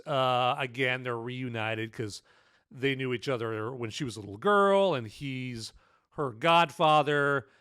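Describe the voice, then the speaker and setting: A man's voice: medium pitch, bright, forceful tone, clear, resonant tone, no room sound, clean studio sound. A man giving a casual, rambling spoken movie review, often tacking "okay?" onto his sentences. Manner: rambling, many fillers and "okay?" tags.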